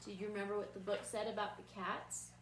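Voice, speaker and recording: A woman's voice: medium pitch, flat delivery, quick pace, a little hiss or hum. A woman preschool teacher giving patient, encouraging craft instructions to young children. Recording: roomy echo from a distant mic.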